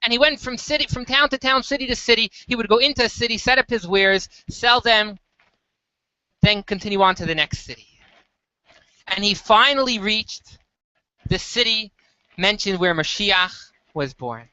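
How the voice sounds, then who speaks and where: A teacher telling a story to a class in a lively way, acting out the voices of the people in it. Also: mid-range voice, normal speed, no room sound, lo-fi sound. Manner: animated storyteller, acts out the dialogue. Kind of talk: storytelling lesson.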